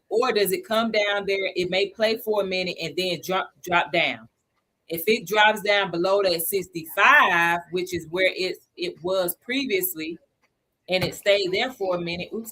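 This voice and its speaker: A woman's voice: fairly low pitch, fairly bright tone. A woman hosting a livestream lesson for beginners. She talks casually, greets viewers by name between points, repeats the key figures and checks that everyone follows. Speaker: crypto educator hosting a livestream.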